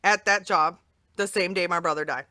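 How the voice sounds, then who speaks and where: Bright-voiced woman telling a heartfelt story. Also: on the low side, moderate pace, no room sound. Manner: earnest, animated, repeats for emphasis. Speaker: interview guest. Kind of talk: emotional personal storytelling in conversation.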